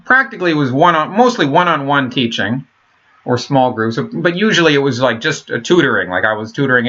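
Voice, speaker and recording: A man rambles through a casual vlog monologue in a bright, forceful voice. He talks in halting, profane bursts and restarts often. The recording is muffled and lo-fi. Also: medium pitch. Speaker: vlogger.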